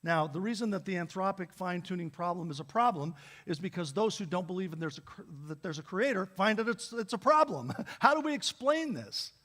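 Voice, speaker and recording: High-voiced man preaching a sermon. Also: animated, brisk, a bit bright. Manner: storytelling, conversational with repeated restarts. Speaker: pastor. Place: church.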